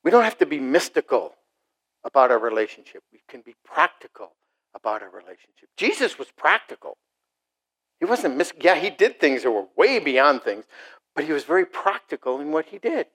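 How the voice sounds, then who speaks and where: A middle-aged man preaching a sermon to a congregation, animated, acting out short mocking voices and asides. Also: fairly high pitch, normal speed, slightly rough, poor audio. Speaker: pastor.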